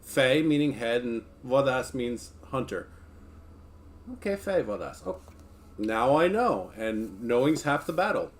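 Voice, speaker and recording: A man streaming casually, joking with his viewers and reading a book aloud between chats. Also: a little high. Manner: laid-back, joking, talks to chat between passages.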